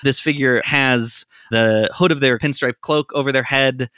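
A game master narrating a tabletop role-playing game, with many fillers and halting restarts as the scene is set. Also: medium pitch, steady tone, sharp tone, clean tone, dry recording, studio quality.

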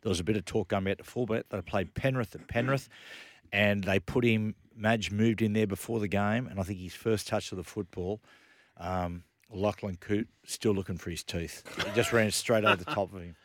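Australian man, casual sports chat, storyteller, lowish voice, dry studio sound. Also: steady tone, moderate pace, no room sound. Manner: chatty storyteller, stumbles and restarts.

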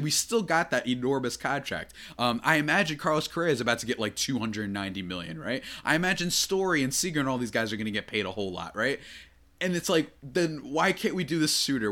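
A man hosting a solo sports podcast, talking in a rambling, excitable way with many fillers and restarts. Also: medium pitch. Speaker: podcast host.

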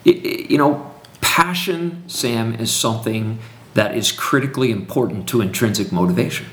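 A man's voice: mid-range voice, moderate pace, fairly bright tone. A man speaking in a teaching conversation with emphatic, preacherly build-ups and repetition. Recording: roomy echo.

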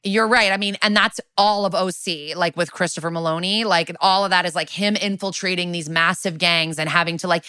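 A woman's voice: fairly low pitch, fairly even intonation, brisk, few pauses, pushed and bright, smooth, no echo. A woman co-hosting a podcast, recapping a TV episode in a chatty way with lots of "like". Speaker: podcast co-host. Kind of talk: casual recap chat.

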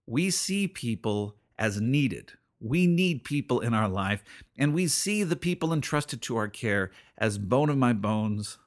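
Earnest man preaching on radio. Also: mid-range voice. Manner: earnest, conversational preaching with repeated phrases. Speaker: radio preacher and show host. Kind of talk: radio sermon.

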